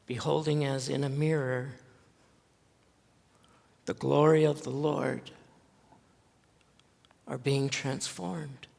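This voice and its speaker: A male pastor preaching a sermon, telling a story slowly and earnestly with dramatic pauses. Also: mid-range voice, fairly even intonation, creaky, darkish tone. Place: church sanctuary. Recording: long church reverb.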